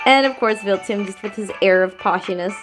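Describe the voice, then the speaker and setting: A woman's voice: medium pitch, brisk, music in the background. A woman giving casual, giggly commentary while playing a game, gushing over how cute it is. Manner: giggly, gushing, excitable reactions. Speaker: gaming video creator.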